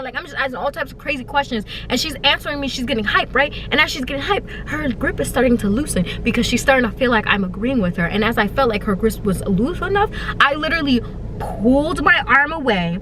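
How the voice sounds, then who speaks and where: High, bright-voiced woman telling a wild story. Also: lively intonation, brisk, slight background noise. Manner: dramatic, swings into high wailing and mock crying; profane, slangy and conversational. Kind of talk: animated storytime vlog.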